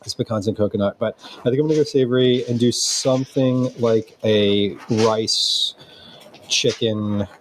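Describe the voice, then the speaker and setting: A man's voice: medium pitch, unhurried, slight background noise, poor audio. A man competing as a home cook, talking casually on a livestream about his charity and dish, with laughs and restarts. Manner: chatty, laughing, self-correcting. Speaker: cooking contestant.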